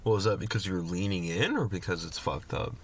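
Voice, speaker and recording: A man co-hosting a casual late-night podcast from a parked car, crude and profane, with deadpan teasing. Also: low-pitched, a little fast, breathy edge. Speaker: podcast co-host. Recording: background noise.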